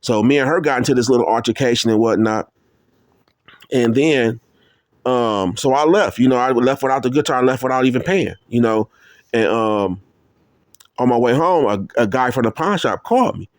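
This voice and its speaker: A man telling a personal story in a casual, rambling way, full of fillers and restarts, getting higher and louder as he gets worked up. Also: normal speed, dry recording, clean studio sound. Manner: rambling, many fillers and restarts, rises in pitch when heated. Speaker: testimony speaker.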